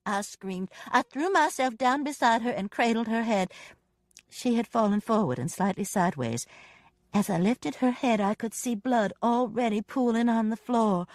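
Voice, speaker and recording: A woman narrating a first-person audiobook with expressive, dramatic storytelling. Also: on the high side, moderate pace, dry recording, studio quality.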